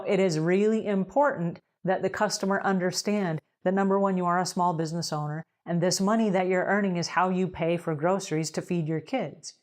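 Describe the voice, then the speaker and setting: Woman, cleaning coach, lower voice, direct and emphatic advice talk. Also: a little mellow.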